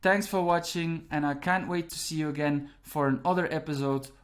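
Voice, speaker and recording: Man, language teacher, online lesson, fairly high voice, patient step-by-step explanations, frequent "okay?" check-ins. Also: fairly even intonation, normal speed.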